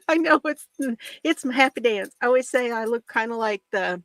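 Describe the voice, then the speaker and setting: A woman's voice: a little high, moderate pace, no echo. Bubbly woman hosting a crafting chat. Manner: bubbly and excitable, laughs often. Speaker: knitting video host.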